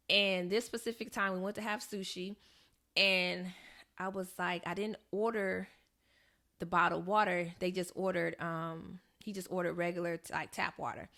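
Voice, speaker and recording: Animated young woman telling a story, gravelly. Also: fairly low pitch. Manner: animated storyteller, acts out quoted voices. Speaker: podcast co-host. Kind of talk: casual storytelling chat.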